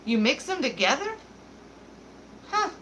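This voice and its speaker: Slow, bright-voiced giggly woman host. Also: sits high, very animated, slight background noise, rough recording. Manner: giggly, joking, candid. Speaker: beauty livestream host. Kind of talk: casual livestream chat, reading viewer comments.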